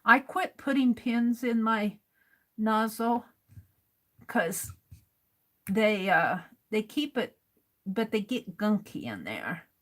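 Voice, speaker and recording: A woman's voice: medium pitch, lively intonation, takes it slowly, long pauses. An American woman hosting a craft livestream, chatting casually and muttering to herself as she sorts through supplies.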